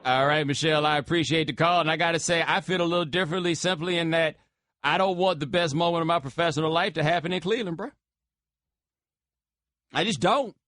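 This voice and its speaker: A man's voice, a bit high for a man, speaking into a dry studio microphone with no room sound. He hosts a sports radio call-in show and talks loose and slangy, addressing callers directly. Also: fast, fairly bright tone, no echo.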